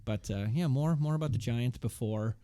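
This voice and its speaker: A man co-hosting a podcast in casual chat, sardonic and quick to swear. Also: medium pitch, mellow, no room sound, studio quality. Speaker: podcast co-host.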